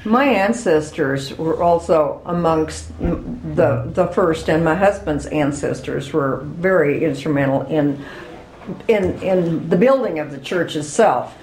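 A woman's voice: low-pitched, slow pace, a little mellow, roomy sound, a little hiss or hum, poor audio. An older woman being interviewed, chatty and reminiscing, laughing as she remembers. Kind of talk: oral history interview.

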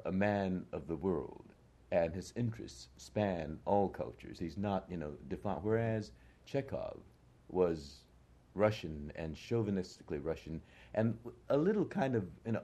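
A man's voice: low voice, warm tone, slightly rough. An older American man, an actor, recalling his past in a conversational interview, reflective and full of hesitations. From United States. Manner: reflective, hesitant with many fillers.

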